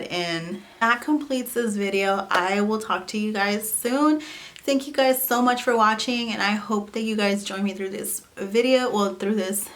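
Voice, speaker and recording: A young woman telling a personal story to camera in a casual vlog, talking in an animated way with lots of "like" and "you know". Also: mid-range voice, normal speed. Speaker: vlogger.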